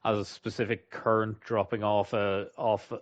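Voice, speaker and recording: A man's voice: fairly low pitch, flat delivery, normal speed. A man co-hosting a casual podcast, giving short dry replies and laughing a lot. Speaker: podcast co-host. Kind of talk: casual chat. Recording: dull lo-fi sound.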